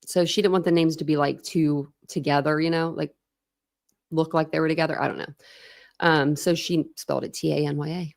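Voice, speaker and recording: A woman's voice: low voice, fairly even intonation, brisk, vocal fry. A woman in her thirties hosting a true crime livestream, chatting casually, laughing and greeting viewers by name.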